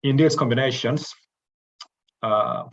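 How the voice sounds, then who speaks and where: Male lecturer, slow and measured, hesitant "uh" pauses, muffled lo-fi recording. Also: medium pitch, gravelly. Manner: measured, explanatory, frequent "uh" pauses and restarts. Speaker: language lecturer.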